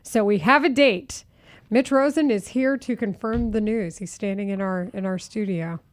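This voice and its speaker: A woman from Texas hosting a sports radio show in a studio, chatting in an animated way and reading breaking news. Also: mid-range voice, moderate pace. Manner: animated, reads sponsored news.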